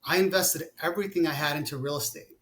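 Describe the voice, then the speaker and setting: A man's voice: fairly high pitch, fast talker, a bit bright. A man in his forties, a company founder talking about his business in a casual interview, rambling with many fillers and restarts. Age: 40s.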